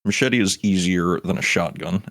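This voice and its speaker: A man's voice: low-pitched, normal speed, fairly bright tone. A man playing a tabletop game, describing his character's actions matter-of-factly with dry humor. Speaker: player. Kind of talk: tabletop game narration as a player.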